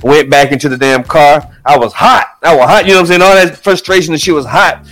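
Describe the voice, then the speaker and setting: This is an animated man telling a profane story in a loose podcast chat, and he jumps up in pitch when he acts out the quotes. His voice sits a touch above average, and faint music plays underneath. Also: quick pace, no echo, poor audio. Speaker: podcast co-host, father.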